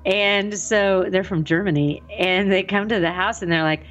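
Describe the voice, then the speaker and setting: A woman's voice: medium pitch, fairly even intonation, moderate pace, few pauses, fairly bright tone, soft background music. A woman co-hosting a paranormal podcast, telling a story with lots of laughter. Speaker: podcast co-host. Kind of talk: casual podcast chat, storytelling.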